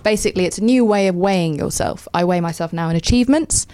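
A woman's voice: fairly low pitch, fast talker, dark tone, smooth. A woman, a podcast guest in casual chat, wry and emphatic.

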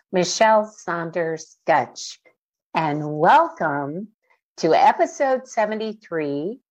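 A woman hosting a podcast, giving a slow, deliberate, upbeat scripted introduction. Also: on the low side, muffled recording. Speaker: podcast host.

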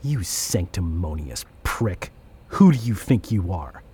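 A man's voice: mid-range voice, very animated, unhurried, darkish tone, breathy edge. An actor playing a proud, irritable male alien prisoner who lives inside a human's mind, speaking with contempt in an audio drama. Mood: scornful. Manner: contemptuous and indignant.

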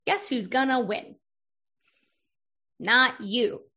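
Direction: you're a woman hosting a podcast, bright and higher-pitched, chatting casually with energy and play. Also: slow. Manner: energetic, playful, uses vivid metaphors. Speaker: podcast host. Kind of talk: casual interview chat.

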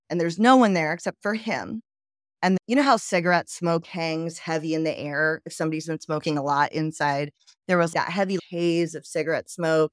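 A woman's voice: deep voice, no echo, clean studio sound. A woman from the southern United States, a podcast guest, telling her life story candidly and acting out the dialogue as she goes. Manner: candid, animated retelling with quoted dialogue and laughs. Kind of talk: personal storytelling interview.

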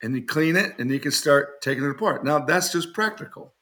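A man with a bright, forceful voice, chatting casually on a podcast. He tells long joking stories, laughs often, and lifts his voice to act out the people he quotes. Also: a little high, animated, fairly quick. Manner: acts out quoted people in raised voice. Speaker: knifemaker guest.

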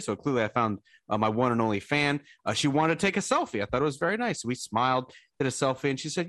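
Animated man telling a story on a podcast. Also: mid-range voice, fast, few pauses, no echo, clean studio sound. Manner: animated, self-deprecating storytelling. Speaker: podcast co-host. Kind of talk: casual podcast chat.

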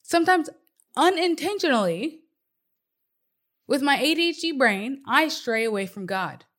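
A woman in her thirties hosts a casual faith podcast. She talks in an animated, conversational way, leaning often on filler words. Her voice sits a little higher than most. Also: unhurried. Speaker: podcast host.

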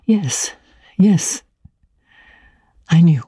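A woman reading aloud, voicing a troubled, guarded young woman who speaks hesitantly, at times in a hushed whisper. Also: fairly low pitch, animated, extremely slow, breathy edge, no room sound, studio quality, pitched above the performer's own voice, heavily acted.

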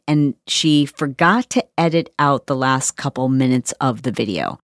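Low-pitched female podcast host, frank and conversational, dry close-mic sound. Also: normal speed, dry recording. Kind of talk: candid podcast monologue.

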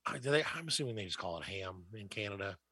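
Brief: male podcast co-host, playful over-the-top riffing, bright tone, dry close sound. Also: on the low side, expressive, fast talker, no echo. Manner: joking, exaggerated ad-read delivery. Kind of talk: comedic casual chat with a mock ad.

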